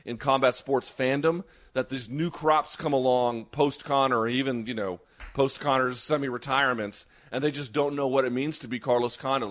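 A man co-hosting a sports talk show, giving fast, animated, opinionated takes. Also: mid-range voice. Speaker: podcast co-host. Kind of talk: casual sports chat.

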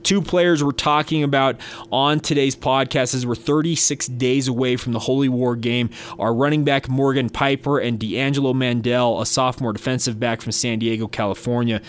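A man's voice: medium pitch, fairly even intonation, moderate pace, clear, resonant tone. A man hosting a daily college sports podcast, talking casually through news and predictions with occasional fillers and restarts. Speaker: podcast host.

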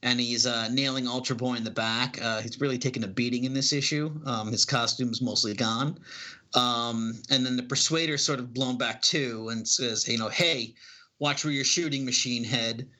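Bright-voiced man rambling through a comic. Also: medium pitch, steady tone, moderate pace. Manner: rambling, hesitant, many fillers. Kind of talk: casual comic book read-through.

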